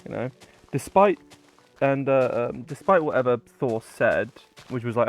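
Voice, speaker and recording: Slow, rambling male storyteller. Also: mid-range voice, animated, dull audio, soft background music. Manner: rambling, filler-heavy, loose paraphrase; drops casual swearing. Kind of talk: casual retelling of a myth.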